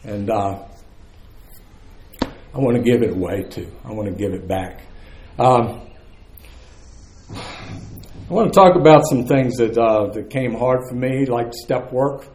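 A man's voice: medium pitch, takes it slowly, pauses often, darkish tone, roomy sound. A man, telling his recovery story to a live meeting in a candid, earthy, conversational way. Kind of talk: personal testimony to a live audience.

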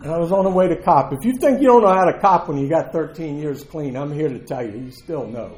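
A middle-aged man with a drawl speaks candidly and plainly, his voice sitting a little high for a man. He talks with earthy, conversational ease before a live audience. The sound is roomy, with echo from the hall around him. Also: lively intonation, fast, a little mellow. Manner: candid, conversational, earthy, laughs through the story. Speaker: speaker sharing his story at a recovery meeting. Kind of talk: personal testimony to a live audience.

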